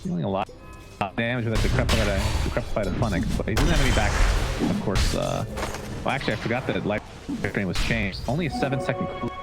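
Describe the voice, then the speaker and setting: Lively joking male esports caster. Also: on the low side, vocal fry, loud music behind the voice. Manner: quick, joking, lively delivery. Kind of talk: live play-by-play commentary.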